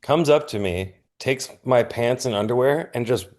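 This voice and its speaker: A man chatting casually as a podcast guest, laid-back and quick to laugh. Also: medium pitch, darkish tone. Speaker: punk musician guest. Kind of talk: casual interview chat.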